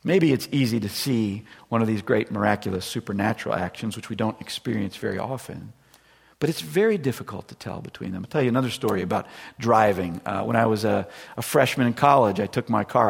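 A middle-aged pastor with a lowish, slightly rough voice and vocal fry preaches a sermon. He tells a personal story in a relaxed, conversational way, imitating the voices he quotes, while a big room adds long reverb.

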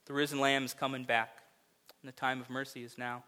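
Bright-voiced man preaching a vivid sermon. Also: medium pitch, flat delivery, a little fast. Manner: vivid second-person storytelling, rising to loud emphatic peaks. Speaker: pastor.

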